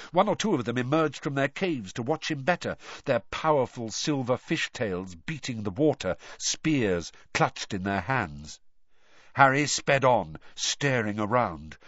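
A man reading a story aloud as narrator, measured and expressive. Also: medium pitch, no echo, muffled recording. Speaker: audiobook narrator. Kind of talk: scripted narration.

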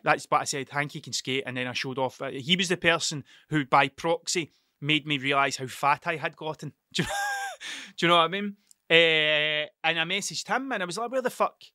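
On his podcast, a thirtysomething Scot with an Ayrshire accent spins a profane, meandering tale, wandering into digressions and breaking off sentences to begin again. He speaks at normal speed in a highish, pushed and bright voice, recorded dry with clean studio sound.

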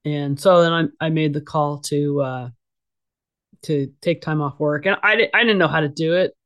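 A woman's voice: deep voice, moderate pace, a bit bright. A middle-aged woman talking candidly as an interview guest. She is blunt and casual, with frequent fillers and restarts. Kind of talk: candid conversational storytelling.

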